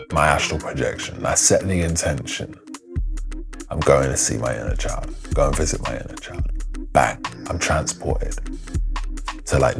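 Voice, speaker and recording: A man, telling a personal story in a loose, slangy, animated way. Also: rumbling low, creaky. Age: 30s. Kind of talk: casual spoken storytelling.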